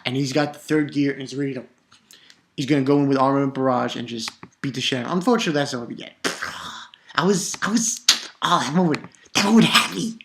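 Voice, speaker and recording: A woman casually reviewing a manga chapter on video, excitable and profane, rambling with restarts. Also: a bass voice, fast talker, noisy background.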